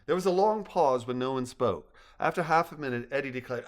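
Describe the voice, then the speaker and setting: An older man narrating a storybook, reading aloud with an expressive manner. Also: mid-range voice, brisk.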